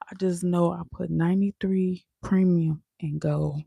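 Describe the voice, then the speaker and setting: A woman's voice: lowish voice, steady tone, unhurried, creaky, hardly any pauses, dark tone, slightly rough, no room sound, clean studio sound. A woman vlogger in casual live-stream chat, talking in a chatty, sassy way with laughing asides.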